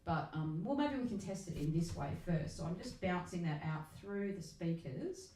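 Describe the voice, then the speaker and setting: A woman's voice: lowish voice, lively intonation, normal speed, few pauses, warm tone. A woman, a singer, chatting casually and a bit self-deprecatingly while demonstrating microphones in her home recording setup. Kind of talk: casual demo talk. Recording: echoey room, faint noise.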